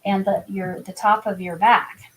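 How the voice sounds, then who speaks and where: A woman's voice: medium pitch, little pitch movement, a little hiss or hum, rough recording. Chatty woman hosting a crochet stream. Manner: chatty, laughing often, drawn-out phrases. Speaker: crochet vlog host. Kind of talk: casual livestream chat.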